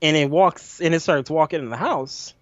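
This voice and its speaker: A man co-hosting a podcast, telling a nightmare story in an animated, profane way and acting out his own lines. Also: on the high side, moderate pace, no room sound. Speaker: podcast co-host. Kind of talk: casual storytelling chat. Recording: dull lo-fi audio, dry.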